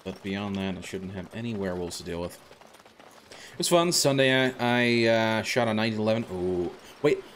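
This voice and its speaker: A man's voice: lowish voice, animated, normal speed, slight background noise. A man streaming a video game, chatting casually and rambling with many restarts and self-corrections. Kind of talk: casual gameplay commentary.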